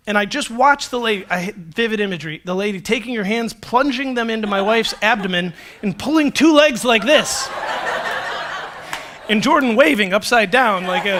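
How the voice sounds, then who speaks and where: Bright, high-voiced male pastor telling stories. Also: normal speed. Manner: animated, self-deprecating, acts out quotes. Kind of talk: storytelling sermon. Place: church stage.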